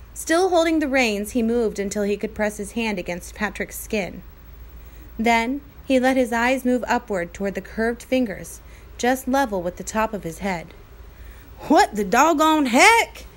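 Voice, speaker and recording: A woman reading a children's novel aloud in a clear, expressive storytelling manner. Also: on the high side. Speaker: reader.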